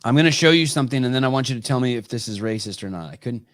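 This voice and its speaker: A man hosting a live call-in podcast, talking in an animated, profane way with many restarts. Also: mid-range voice, rapid-fire, no echo, studio quality. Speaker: podcast host.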